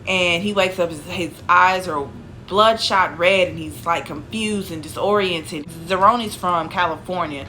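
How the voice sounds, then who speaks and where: A woman's voice: on the low side, a little slow, sharp tone, slight background noise. A young woman casually telling a personal story, rambling with restarts and asides.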